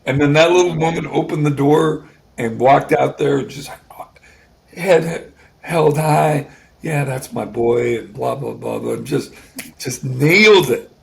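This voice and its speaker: A man in his sixties, a guest, telling an emotional personal story in a halting way, often restarting and repeating words. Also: medium pitch, gravelly. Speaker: guest musician.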